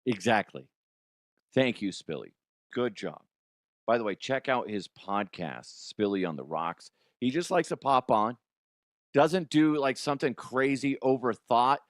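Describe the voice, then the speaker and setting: A man's voice: mid-range voice, animated, a little slow, no room sound, clean studio sound. A man hosting a sports comedy show, ranting bluntly and cursing often. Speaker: sports comedy podcast host. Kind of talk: profane sports rant.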